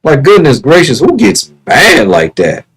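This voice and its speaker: A man's voice: fairly high pitch, wildly swooping pitch, measured pace, fairly bright tone, breathy edge, rough recording. A man talking casually on his own livestream, earnest and repetitive, often restarting his words. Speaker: live streamer.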